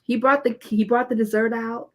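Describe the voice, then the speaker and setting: A woman's voice: fairly high pitch, normal speed. A woman, a guest on a talk show, telling her proposal story and acting out the dialogue. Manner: animated, acts out her own lines. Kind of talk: casual storytelling.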